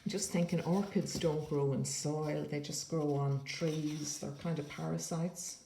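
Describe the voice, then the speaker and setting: Gravelly, low-voiced woman, chatty. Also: steady tone, unhurried, warm tone, a little hiss or hum. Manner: chatty, rambling, with playful asides. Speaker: paper-craft vlogger. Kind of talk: casual show-and-tell flip-through. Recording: echoey room.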